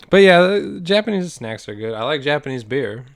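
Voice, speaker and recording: A man's voice: a little high, sing-song, a little slow, clear, resonant tone. American guy chatting on a podcast, swears a lot, keeps laughing. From United States. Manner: laughing, loose and profane. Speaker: podcast co-host. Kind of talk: casual chat.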